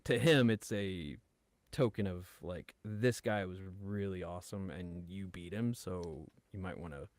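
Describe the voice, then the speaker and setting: A man slowly describes his character's actions in a tabletop role-play game, halting often and filling pauses. His voice is fairly low and sounds dry and close. He speaks in a measured, unhurried way. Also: dry recording. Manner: halting, with many fillers. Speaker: player.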